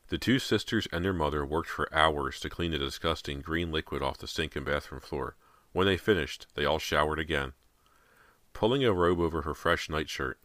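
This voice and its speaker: Very deep-voiced male narrator. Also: fairly bright tone, no room sound. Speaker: audiobook narrator. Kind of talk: scripted horror narration.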